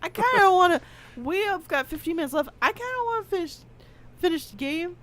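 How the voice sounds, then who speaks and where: A woman co-hosting a casual game stream, talking in an animated, rambling, opinionated way. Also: very high voice, brisk. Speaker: podcast co-host playing a game. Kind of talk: casual let's-play chat.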